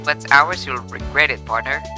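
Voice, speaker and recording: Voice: medium pitch, moderate pace, lightly acted. Streamer reads a swaggering male cowboy-type detective; faint drawl, game music under it. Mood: threatening. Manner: reads game lines with a weak put-on drawl. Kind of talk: reading game dialogue aloud on stream.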